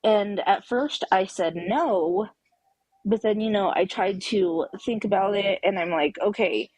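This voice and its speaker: A woman's voice: medium pitch, unhurried, darkish tone, no room sound, poor audio. A woman caller on a live talk show telling a personal story emphatically, acting out the quoted dialogue. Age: adult with children.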